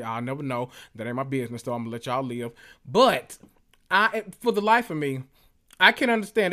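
A man hosting a casual solo podcast, talking in an animated, sassy way with lots of cussing and drawn-out emphasis. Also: fairly high pitch. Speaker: podcast host.

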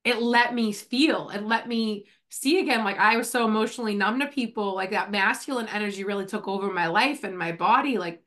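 A woman's voice: mid-range voice, brisk, hardly any pauses, fairly bright tone. A woman hosting a podcast in casual chat, talking with lots of filler words while coming down with a cold. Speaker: podcast host.

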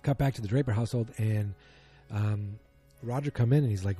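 A man's voice: on the low side, fairly quick, dark tone, husky, faint music behind. A man giving a chatty, opinionated recap of a TV episode, full of fillers and asides.

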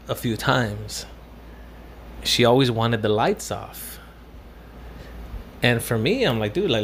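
A young man rambles through a personal story, swearing freely and padding every line with fillers. He switches into Spanish for a phrase here and there. His pitch sits in a middle range, and a faint ambient hiss runs under the recording. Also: vocal fry. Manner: profane, rambling with many fillers. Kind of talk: casual storytelling.

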